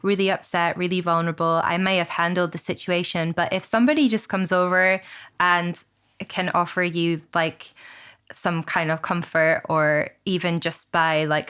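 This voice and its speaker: Woman, Scottish accent, smooth resonant voice, lowish pitch, earnest, thoughtful interview guest. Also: steady tone, normal speed, a bit bright. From Scotland. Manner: thoughtful, earnest, searching for words. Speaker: guest, skate club founder. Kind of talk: podcast interview conversation.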